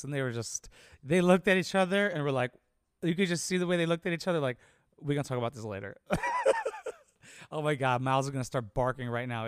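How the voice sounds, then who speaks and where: A man's voice: on the high side, a bit bright, clear, resonant tone, no echo, clean studio sound. A young adult man, a comedian, rambling casually and cursing freely in a solo monologue. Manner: rambling, profane, laid-back.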